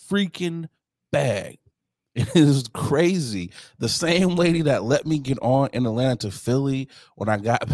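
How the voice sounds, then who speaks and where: Animated male podcast storyteller. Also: on the high side, dry recording, studio quality. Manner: animated storyteller who acts out the other people's lines and laughs often. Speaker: podcast co-host. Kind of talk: casual podcast chat. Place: home to Detroit.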